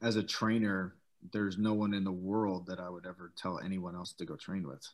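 A relaxed man in his thirties recounts old training days in loose, casual conversation. He swears freely and laughs his way through the stories. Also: low-pitched, normal speed. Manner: laid-back, swears freely, laughs while telling stories. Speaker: former pro football player, guest. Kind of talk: casual storytelling chat.

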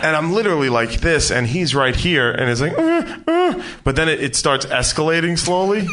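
A man's voice: a little high, expressive, a little fast, bright, forceful tone, a little hiss or hum. A man telling a rowdy story in casual chat, laughing as he goes.

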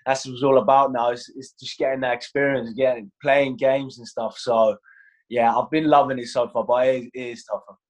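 A young man, an Icelandic goalkeeper with a London-flavored English accent, delivers his interview chat briskly and flatly at a medium pitch. It's a casual conversation, full of laughter and acted-out quotes.

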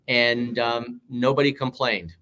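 A man's voice: mid-range voice, steady tone, takes it slowly, pushed and bright. A man with a New York accent, a political candidate answering interview questions in punchy, emphatic campaign rhetoric.

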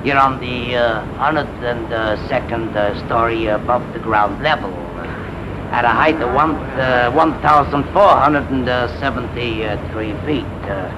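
A man playing a halting tour guide. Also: lightly acted. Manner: halting, full of uh's. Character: hesitant tour guide man, put-on city accent. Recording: dull old film audio with rumble.

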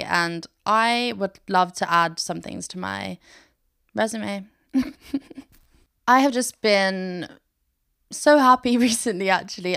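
A woman's voice: medium pitch, clean tone, no echo. Bubbly British woman, chatty and dry. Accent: British English. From Britain. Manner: rambling and bubbly, with frequent "like". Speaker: podcast host. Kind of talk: casual chatty monologue.

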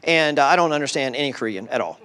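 A man preaching a sermon as pastor, animated and full of rhetorical questions, sometimes dropping to quiet asides. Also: medium pitch, fast talker.

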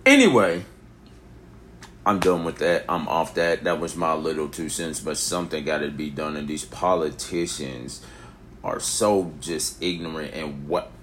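A young man with a very deep voice rants casually to camera, rambling from topic to topic. He swings from near-shouted peaks down to low mutters. A faint hiss of noise sits under the recording. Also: normal speed. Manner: rambling, animated, rising to near shouts then dropping low. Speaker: vlogger. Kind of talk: casual opinion monologue.

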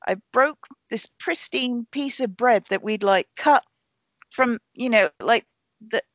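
A woman's voice: a little high, slow pace, no echo. A woman co-hosting a casual podcast, joking playfully with friends. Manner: playful, animated banter. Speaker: podcast co-host. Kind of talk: casual chat. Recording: dull, dry lo-fi mic.

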